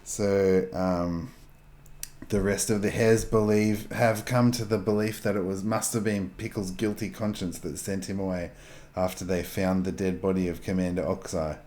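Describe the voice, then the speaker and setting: Deep-voiced game master. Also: male voice, little pitch movement, a little mellow. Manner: halting, many fillers and restarts. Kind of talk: narrating a tabletop game.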